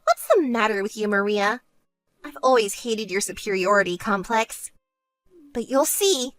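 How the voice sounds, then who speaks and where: A woman voicing a vain, self-centered young woman who talks in a smug, whiny way and turns shrill when angry, in an animated story. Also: normal speed, dry recording, soft background music, natural voice. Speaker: bride-to-be sister.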